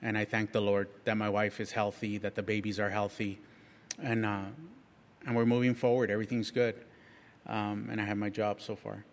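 A man's voice: lowish voice, flat delivery, normal speed. A middle-aged man giving a candid personal testimony at church, frank and self-mocking, chatty with frequent restarts. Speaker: church speaker sharing a testimony. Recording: long reverb of a large hall.

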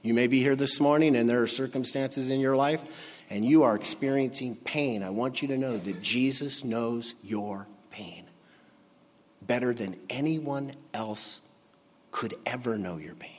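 Male pastor, sermon delivery, unhurried and emphatic, hushed on key words; reverberant church hall. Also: mid-range voice. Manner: slow and emphatic, dropping to a hush on key words.

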